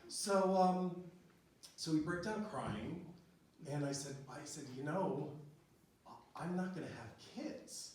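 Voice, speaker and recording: A man's voice: a little high, animated, takes it slowly, pauses often, darkish tone. A middle-aged man telling a personal story live on stage, chatty and laughing often, with lots of fillers. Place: small venue with live audience. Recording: very echoey room, distant mic, audience noise.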